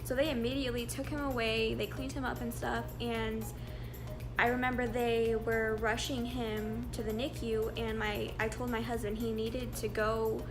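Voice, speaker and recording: A woman's voice: a little high, little pitch movement, moderate pace, music in the background. A woman in her twenties, a young mother candidly telling her birth story to camera in a chatty, rambling way. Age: 20s. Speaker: vlogger and mother.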